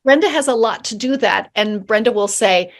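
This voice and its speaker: A middle-aged woman talking on a video call, her voice sitting a little high. She tells her stories with animation and acts out the voices of people she quotes. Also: moderate pace. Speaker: program participant. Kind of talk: casual chat on a video call.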